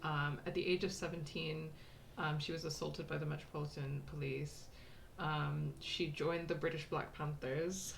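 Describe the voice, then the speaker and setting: A woman's voice: low-pitched, little pitch movement, moderate pace, gravelly, slight background noise. A woman co-hosting a video game let's-play, chatting casually, laughing often and stopping to explain things. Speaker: co-host playing a video game.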